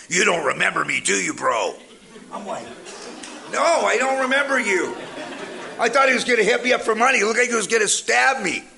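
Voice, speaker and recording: With a high-pitched, creaky voice, a man delivers a funny, motivating talk about recovery. He is an energetic storyteller who jokes as he goes.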